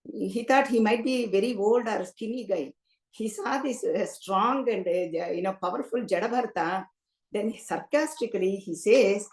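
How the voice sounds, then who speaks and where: A woman giving a spiritual discourse, telling a scriptural story and chanting Sanskrit verses slowly. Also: mid-range voice, a little mellow. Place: temple hall. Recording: roomy hall echo.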